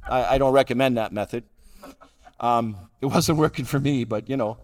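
A man's voice: mid-range voice, expressive, a little fast. A middle-aged man gives a humorous, self-deprecating personal talk as a guest speaker, chuckling at his own jokes. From Calgary, Canada. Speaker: guest speaker at a recovery roundup.

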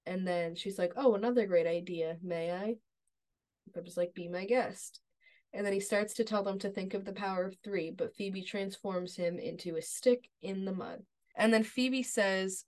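A woman co-hosting a podcast, retelling a TV episode scene by scene in a relaxed, chatty way. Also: medium pitch. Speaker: podcast co-host. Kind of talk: casual recap chat.

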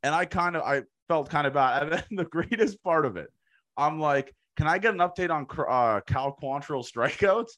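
Male co-host, throat shot and hoarse, animated swings in pitch, rants fast and laughs off his own stories. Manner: excitable, laughing, profane ranting. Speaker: podcast co-host. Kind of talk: casual chat.

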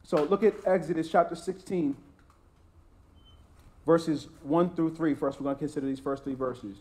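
A man's voice: fairly high pitch, normal speed, darkish tone. A man preaching a sermon as a pastor, emphatic and repetitive, with frequent restarts.

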